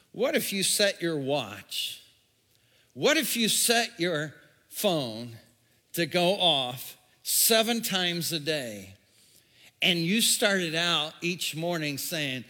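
High, bright-voiced man preaching in a hall. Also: sing-song, slow. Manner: stammering restarts, acts out groaning and praying voices. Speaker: pastor. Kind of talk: sermon.

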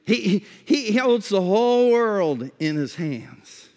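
Slow-preaching man in a reverberant hall. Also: sits high, lively intonation. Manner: conversational preaching with repeated false starts; drops to a soft, slow voice for reflective questions. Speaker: pastor. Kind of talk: sermon.

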